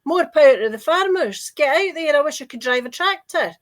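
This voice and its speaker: Emphatic woman, higher voice. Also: animated. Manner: indignant, emphatic, slows to stress points. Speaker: panel co-host. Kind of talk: political discussion.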